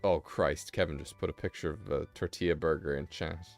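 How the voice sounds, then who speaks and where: Low-voiced British man rambling casually. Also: normal speed, faint music behind. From Britain. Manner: rambling, self-mocking, swears freely. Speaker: streamer. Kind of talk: casual live-stream chat while drawing.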